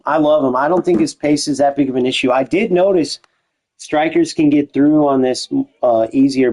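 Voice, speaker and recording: A young man commentates his own football video game stream, loose and talkative. His voice sits at an ordinary middle pitch, and he keeps chatting to his viewers with slang and restarts. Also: warm tone, low-quality recording. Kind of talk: casual gameplay commentary to live chat.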